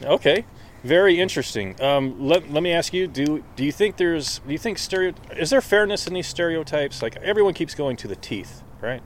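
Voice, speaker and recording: A man from the United States doing casual street interviews outdoors, with a playful, mock-grand, deadpan way of talking. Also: a little high, moderate pace, a little hiss or hum. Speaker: street interviewer, podcast reporter.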